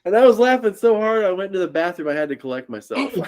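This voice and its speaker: A man with a slightly raised speaking voice tells a long, rambling story as a podcast co-host. He keeps breaking into laughter and slips into quick voices for the people he describes. His manner is loose and animated, like talk among friends. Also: high-pitched, a little hiss or hum. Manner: laughs often through his own story. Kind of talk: casual storytelling chat.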